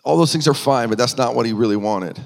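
A man's voice: mid-range voice, quick pace, vocal fry. Man preaching in a reverberant hall. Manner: earnest, rising with emphasis, frequent restarts. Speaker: pastor. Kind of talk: sermon.

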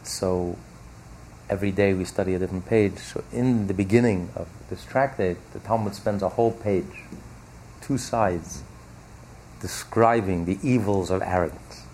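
A man's voice: sits low, moderate pace, a little mellow, slight background noise. A man teaching as a rabbi, giving an emphatic religious lecture full of rhetorical questions and repetition.

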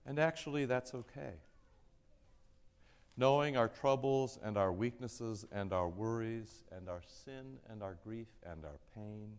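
Slow, gentle male preacher in a reverberant church. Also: mid-range voice, clean tone. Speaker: pastor. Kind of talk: sermon.

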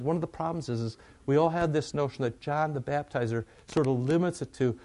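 Gravelly conversational male preacher. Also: a little high, fast, few pauses, warm tone. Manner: conversational, asks and answers own questions. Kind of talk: sermon.

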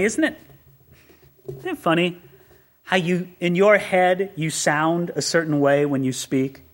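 A male pastor delivering a sermon in a high voice that swings widely in pitch. He leans on rhetorical questions and builds to emphatic peaks. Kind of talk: expository sermon.

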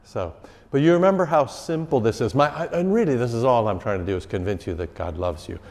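A pastor leads a catechism class in a conversational, informal teaching style, repeating key phrases to drive them home. His voice is medium in pitch with a darkish tone, and he speaks animatedly at a fairly quick clip. The recording carries the long reverb of a hall.

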